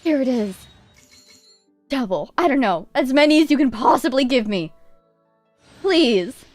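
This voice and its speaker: A woman streaming a game, commenting in an excitable, gushing way with frequent laughter and squeals. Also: high voice, measured pace, faint music behind. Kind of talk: gameplay livestream commentary.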